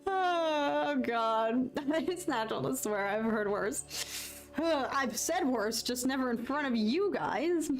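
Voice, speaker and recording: A woman's voice: high voice, expressive, slow pace, soft background music. A woman, chatting casually with her livestream viewers, laughing often and poking fun at herself. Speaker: livestream host.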